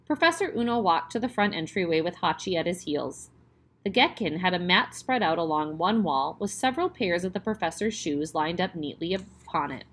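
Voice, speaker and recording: A woman narrating a chapter book aloud in a calm, clear storytelling manner. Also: lowish voice, normal speed.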